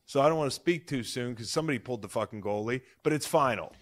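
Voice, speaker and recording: A man in his thirties hosting a podcast, talking in excitable, profane, jokey banter. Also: medium pitch, quick pace. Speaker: podcast host. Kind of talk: casual chat.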